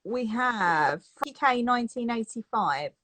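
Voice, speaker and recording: A woman's voice: fairly high pitch, animated, slow, a bit bright, no echo. A woman hosting a casual live-stream interview who reads out audience questions and gives short replies.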